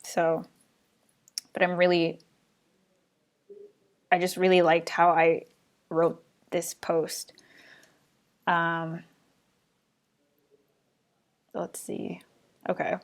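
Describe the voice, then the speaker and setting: Young woman rambling thru viewer questions on her live stream, kinda low voice. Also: monotone, slow pace, pauses often. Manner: rambling, answers viewer questions, restarts often. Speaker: live show host. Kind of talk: casual live-stream chat.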